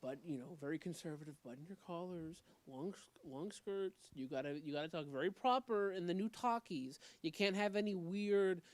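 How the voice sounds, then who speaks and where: A man's voice: high voice, moderate pace, few pauses, no room sound. A young man co-hosting a casual podcast chat, talking emphatically, swearing casually and cutting in to make his point. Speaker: podcast co-host.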